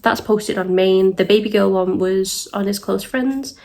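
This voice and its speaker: A woman's voice: medium pitch, measured pace, darkish tone. A young woman from the UK giving a casual commentary vlog, chatty and exasperated, with many ums and nervous laughs. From United Kingdom. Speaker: YouTube commentator.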